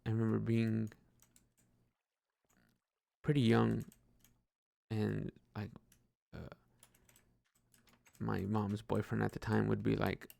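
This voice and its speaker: A man's voice: fairly low pitch, little pitch movement, measured pace, vocal fry, long pauses, warm tone, no room sound. A young man rambling hesitantly about his life while gaming, full of fillers and restarts, swearing casually. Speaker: podcaster.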